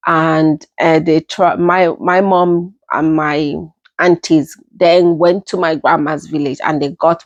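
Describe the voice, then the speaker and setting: A young woman with a Nigerian accent telling a personal story in an unhurried, casual way, often repeating herself as she goes. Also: sits low, no echo. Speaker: storytelling vlogger.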